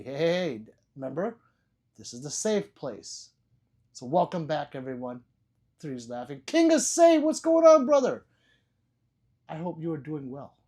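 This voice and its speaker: A man's voice: fairly high pitch, animated, unhurried, long pauses, darkish tone, husky. A man hosting a casual livestream, reading viewers' chat messages aloud, joking, laughing and swearing freely. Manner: loose and profane. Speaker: livestream host.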